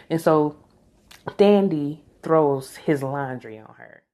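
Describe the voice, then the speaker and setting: A woman's voice: low-pitched, slow pace, warm tone. A woman giving a blunt, exasperated casual recap of a reality show, swearing as she talks.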